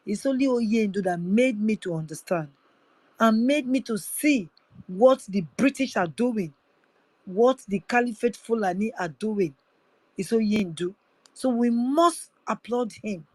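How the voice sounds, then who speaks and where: A woman's voice: on the high side, a little mellow, no room sound, poor audio. A woman hosting an online audio space, urging listeners with a repetitive, preachy delivery. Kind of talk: impassioned appeal to listeners.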